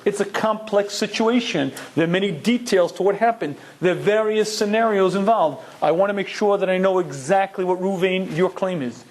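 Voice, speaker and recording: A man's voice: sits high, normal speed, few pauses. A man giving a Torah lecture, emphatic and full of rhetorical questions, dropping in Hebrew terms. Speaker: Torah teacher.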